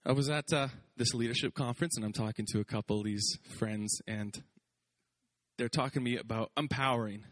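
A man preaching a sermon as pastor, lively and conversational, joking and acting out quotes. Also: medium pitch, brisk.

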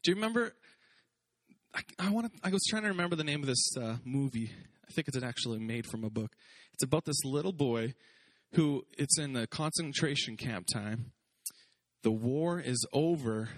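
A man preaching a sermon as pastor, lively and conversational, joking and acting out quotes. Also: medium pitch.

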